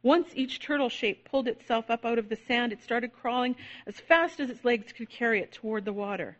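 Gentle woman reading a story aloud. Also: on the high side, a little fast. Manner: gentle, soothing narration with voiced characters. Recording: dull lo-fi recording.

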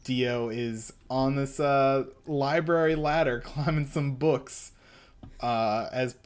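A man co-hosting a laid-back podcast, recapping a comic with jokes and frequent laughter. His voice sits at a medium pitch for a man. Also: takes it slowly, clear, resonant tone. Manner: chatty and joking, laughs often. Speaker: podcast co-host. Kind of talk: casual chat reading a comic aloud.

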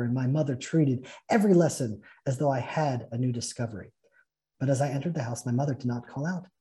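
Earnest man with a mellow voice. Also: mid-range voice. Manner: earnest, heartfelt storytelling. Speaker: fellowship teacher. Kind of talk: spiritual talk and read-aloud story.

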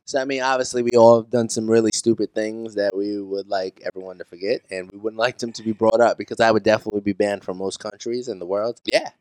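A young man co-hosting a casual podcast, telling stories at an easy pace and swearing now and then. His voice is smooth, clear and fairly low. The room sound is dry and close. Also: steady tone, fast talker, hardly any pauses, a little mellow, no echo, rough recording. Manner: laid-back storyteller, swears casually. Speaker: podcast co-host. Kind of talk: casual podcast chat, storytelling.

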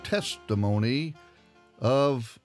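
A man hosting a religious radio broadcast, introducing a recorded sermon in a relaxed, folksy way. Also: mid-range voice, extremely slow, no echo, faint music behind. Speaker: radio host.

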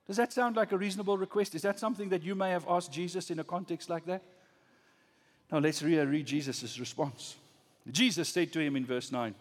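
A pastor preaching a sermon, swinging from loud rising emphasis to low, soft lines. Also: male voice, moderate pace, in a large hall.

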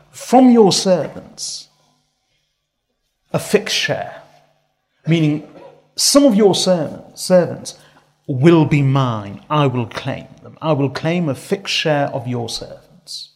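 A man preaching a sermon, reciting Arabic scripture and translating it with heavy emphasis, stacking ideas into long repetitive lists. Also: fairly high pitch.

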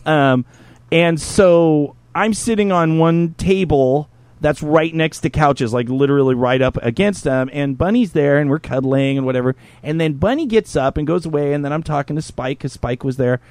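A man's voice: fairly high pitch, moderate pace, no room sound. A man co-hosting a podcast, telling a casual story with plenty of swearing. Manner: profane, animated anecdote teller. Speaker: co-host.

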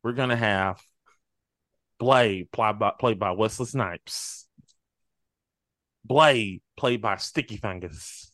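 A man in casual group chat, telling a story in an animated way and acting out loud, profane bits. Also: lowish voice, slow pace, long pauses. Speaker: podcast panelist.

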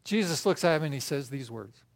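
An older man preaching a sermon as pastor, telling stories with swings between soft and loud. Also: medium pitch, expressive, a little fast, gravelly, no echo.

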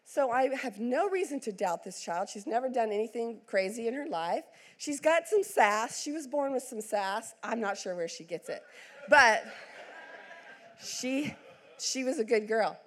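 A middle-aged woman pastor telling a personal story in a sermon, acting out the quotes with big swings in her voice. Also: fairly high pitch.

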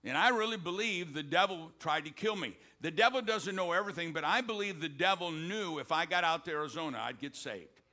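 An older man preaching from the pulpit with a high, bright, forceful voice. He surges into loud exhortation, then drops low and quiet to tell a story. This is a full-blown sermon. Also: expressive, brisk, hardly any pauses. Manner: swings between loud exhortation and hushed storytelling. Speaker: pastor.

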